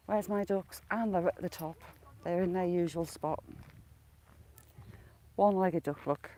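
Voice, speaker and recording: A woman's voice: fairly low pitch, unhurried, pauses often, warm tone. A woman chatting casually outdoors by a lake, talking to herself and calling out fondly to the ducks as she walks. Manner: chatty, coos and calls out to the ducks. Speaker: vlogger. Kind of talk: casual walk-and-talk commentary.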